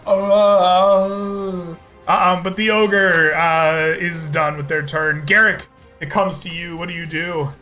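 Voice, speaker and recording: A man's voice: sits high, fairly even intonation, sharp tone, soft background music. A man running a tabletop game as game master, narrating the action with frequent laughs. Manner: unhurried, laughs often.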